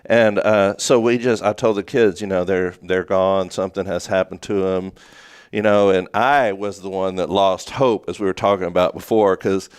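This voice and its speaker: A man's voice: deep voice, steady tone, moderate pace, smooth, no echo, clean studio sound. A man co-hosting a local morning show, telling a long story in a rambling, casual way with many restarts. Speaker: co-host. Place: small studio.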